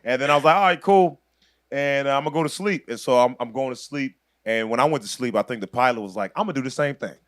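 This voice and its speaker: This thirties-aged comedian, guesting on a podcast, talks fast in a fairly bright, mid-range voice with hardly any pauses. He spins an energetic tale, slipping into the voices of its characters and laughing throughout. The audio is studio quality with no echo.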